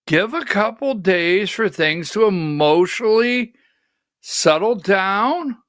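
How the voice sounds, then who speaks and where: Here a political talk show host with a high-pitched, slightly bright voice gives opinionated livestream commentary, blunt and skeptical, drifting into rambling asides. Studio quality, no echo.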